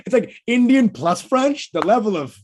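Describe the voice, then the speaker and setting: A man's voice: extremely high pitch, expressive, moderate pace, darkish tone. A male comedian co-hosting a podcast in casual chat, riffing and swearing often between laughs, heard over a video call. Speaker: co-host, stand-up comedian.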